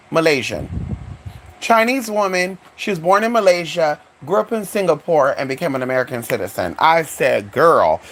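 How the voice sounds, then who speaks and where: A man's voice: fairly high pitch, a bit bright, a little hiss or hum. A flamboyant man hosting a live stream, talking sassily and rambling to his viewers, calling them honey and girl. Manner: sassy, flamboyant, calls listeners honey and girl; rambling, talks back to an unseen audience. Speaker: channel host.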